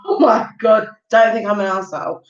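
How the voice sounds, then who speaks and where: A woman's voice: mid-range voice, moderate pace. A woman, rambling casually through stories on a livestream. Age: 30s. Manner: chatty, rambling storytelling with lots of fillers. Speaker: live-stream host. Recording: roomy, distant, dull home recording.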